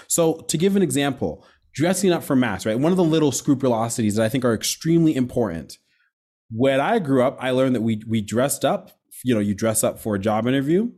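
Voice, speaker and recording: An animated young man hosting a relaxed talk show. He jumps into quick asides, corrects himself mid-sentence and keeps a lively, conversational flow in a middle-pitched voice. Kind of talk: casual conversation on faith.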